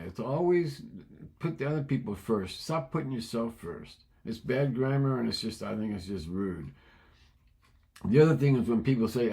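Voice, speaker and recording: A man's voice: medium pitch, lively intonation, moderate pace, darkish tone. A man, delivering an indignant, opinionated monologue with frequent repetitions. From United States. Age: 70s. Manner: indignant, ranting, repeats himself. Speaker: vlogger.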